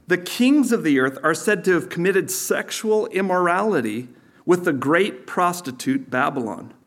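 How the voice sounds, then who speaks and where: A man preaching a sermon as pastor, teaching in a conversational way with sarcastic asides. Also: high voice.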